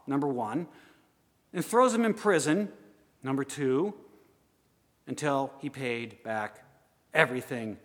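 A man preaching a sermon, swinging from loud urging to hushed asides. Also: a little high. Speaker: pastor. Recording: long hall reverb.

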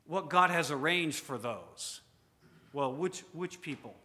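A man preaching a sermon, asking the congregation rhetorical questions, rising to loud emphasis and then dropping to quiet asides. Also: on the high side, animated, slow. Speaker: pastor. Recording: long hall reverb.

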